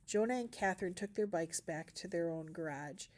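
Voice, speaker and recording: A woman with a fairly low voice reads a novel aloud for a school class. She narrates steadily and gives each character only a light change of voice. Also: normal speed, darkish tone. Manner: storybook narration with small voice shifts for characters. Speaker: reader.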